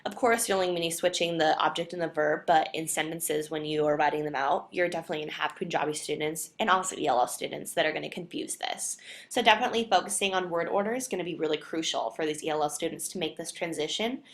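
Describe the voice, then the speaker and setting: A young woman with a lowish voice gives an earnest class presentation. She explains each point carefully and keeps leaning on the word "definitely". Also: fast talker. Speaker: student presenter.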